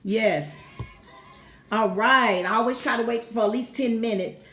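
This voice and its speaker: A woman's voice: on the high side, a little slow, echoey room, soft background music. A middle-aged woman, hosting a women's fellowship livestream and repeatedly welcoming viewers in by name. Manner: warm, effusive, repetitive greetings to viewers. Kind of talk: casual live-stream welcome.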